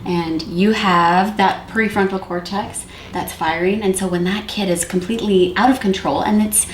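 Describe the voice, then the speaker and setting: A woman who works with high-risk youth, talking calmly and reflectively about parenting, with many fillers. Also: normal speed. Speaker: youth worker. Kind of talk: conversational discussion on parenting. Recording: echoey room with faint noise.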